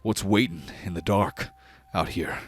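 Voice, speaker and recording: A man voicing a frightened male orc prisoner who speaks loudly and in panic. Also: low-pitched, measured pace, breathy edge, pitched above the performer's own voice. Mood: uneasy. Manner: loud, panicked.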